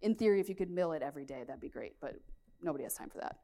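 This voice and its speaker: Casting: plain-spoken woman farmer, slightly low voice, conference presenter, frank and practical. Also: lively intonation, rapid-fire, warm tone. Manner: candid, frank, many "um" fillers. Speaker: pig farmer giving a conference talk.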